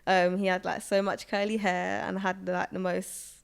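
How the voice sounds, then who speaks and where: Young woman, casual group sharing, flat delivery, smooth but creaky voice. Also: mid-range voice, normal speed. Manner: casual, with many fillers. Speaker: bereaved mother. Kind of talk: personal sharing in a group conversation.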